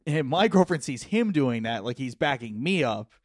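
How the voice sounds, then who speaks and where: A man's voice: mid-range voice, sing-song, normal speed, no echo, clean studio sound. A man hosting a podcast, telling a party story in casual chat, often laughing, swearing and acting out what people said. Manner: laughing, swearing, acts out quotes. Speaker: podcast host.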